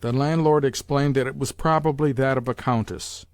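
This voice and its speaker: A man narrating a classic novel as an audiobook in a measured, formal reading. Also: medium pitch, steady tone, clean tone, no echo, clean studio sound. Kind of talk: scripted literary narration.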